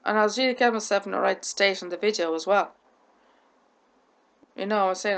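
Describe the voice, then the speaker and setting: A woman vlogger chats casually to the camera in a mid-range, slightly bright voice with vocal fry, talking quickly and pausing often. She stammers, repeats words, restarts sentences, and runs out of breath as her sentences end.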